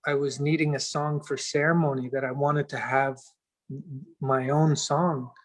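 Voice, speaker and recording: A man as an interview guest, telling a reflective story in an earnest, unhurried way and pausing to search for words. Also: mid-range voice, steady tone, poor audio.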